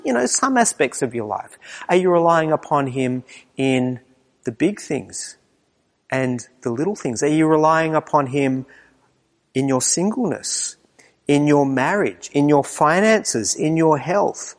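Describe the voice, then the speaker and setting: A man preaching a sermon with earnest emphasis. He asks his listeners pointed questions and often drops to a hushed tone. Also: fairly high pitch, sing-song, a little slow, long reverb tail.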